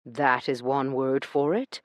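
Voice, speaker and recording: An icy, haughty duke with cool, clipped delivery, as a male narrator plays him. He keeps his words measured and withering. The audiobook sound is dry and close. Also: mid-range voice, steady tone, dry recording, muffled recording, close to an everyday voice. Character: cold, haughty aristocratic duke, a grown man.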